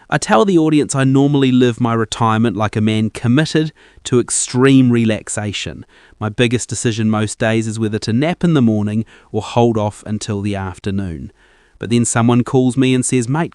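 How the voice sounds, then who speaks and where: A man's voice: medium pitch, dry recording, clean studio sound. A man narrating a scripted comic monologue in a wry, self-mocking tone.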